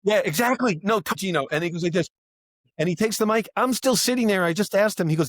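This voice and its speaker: A man's voice: sits high, fast talker, no echo, clean studio sound. A man, a stand-up comic guest on a podcast, telling a long anecdote and acting out the voices of the people in it. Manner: animated, acts out voices in anecdotes. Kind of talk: casual storytelling.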